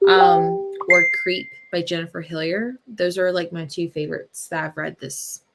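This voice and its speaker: A woman hosting a casual live reading stream, chatting slowly with many ums and soft laughs. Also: fairly low pitch, level tone, heavy background noise. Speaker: booktube host.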